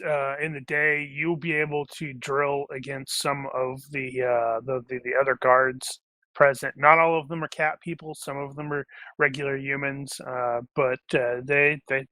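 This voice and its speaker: Game master, male, rambling narration, tense bright tone, dry close mic. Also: mid-range voice, little pitch movement, moderate pace, no room sound. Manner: rambling, many fillers and restarts.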